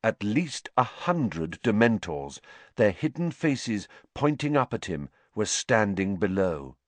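A man narrating a story aloud with dramatic, expressive delivery. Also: fairly low pitch, takes it slowly, no room sound. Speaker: audiobook narrator. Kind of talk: scripted narration.

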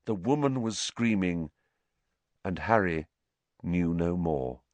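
A man narrating a story aloud with dramatic, expressive delivery. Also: low voice, slow pace, dry recording. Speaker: audiobook narrator. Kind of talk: scripted narration.

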